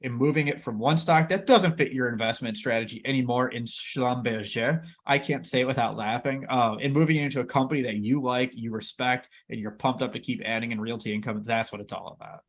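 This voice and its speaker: A man co-hosts an informal investing discussion, speaking quickly at a medium pitch with few pauses. Eager and upbeat, he speaks right to the people watching, calling them "everybody."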